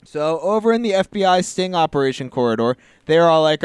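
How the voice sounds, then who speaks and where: Clear-voiced man recapping a film. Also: on the high side, no room sound, studio quality. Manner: retells the plot in quick quoted voices, loose and joking. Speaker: podcast co-host recapping a film. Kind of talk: casual chat.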